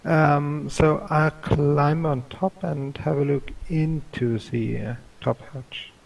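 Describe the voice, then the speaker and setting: A man's voice: on the high side, steady tone, slow, vocal fry, slightly rough, low-quality recording. A man playing in a tabletop game, speaking hesitantly with many fillers. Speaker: player. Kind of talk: casual tabletop game play.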